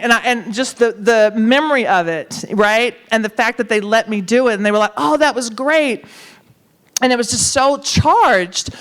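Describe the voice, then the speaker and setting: A woman's voice: medium pitch, clear, resonant tone. A woman talk show co-host telling a story in a conversational way, acting out the voices she quotes. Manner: animated, acts out quoted voices.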